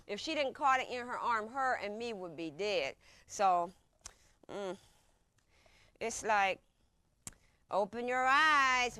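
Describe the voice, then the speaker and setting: A woman's voice: a little high, pushed and bright, no echo. A woman recounting a personal experience in casual, informal speech, often repeating herself and acting out what others said. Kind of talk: conversational personal storytelling.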